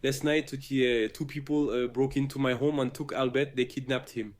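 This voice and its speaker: A man's voice: medium pitch, level tone, normal speed, darkish tone. Hesitant man giving a video statement. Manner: hesitant, many uhs and restarts. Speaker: content creator.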